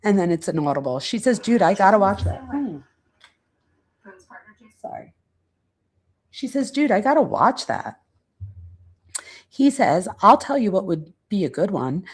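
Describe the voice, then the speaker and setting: A very animated woman with a mid-range voice and a breathy edge runs a true crime channel. Casually quoting sources and commenting, she sometimes pauses to search her notes.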